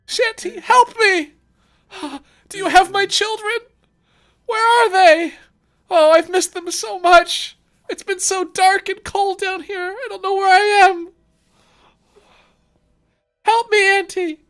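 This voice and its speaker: A woman voicing a desperate young woman trapped in a coffin, pleading at a frantic high pitch. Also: fairly even intonation, takes it slowly, pauses often.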